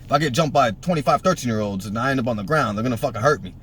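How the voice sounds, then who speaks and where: A man's voice: medium pitch, racing, a little hiss or hum. Profane man telling a street story. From Puerto Rico. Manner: profane, animated, acts out quotes in a raised voice. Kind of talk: casual storytelling.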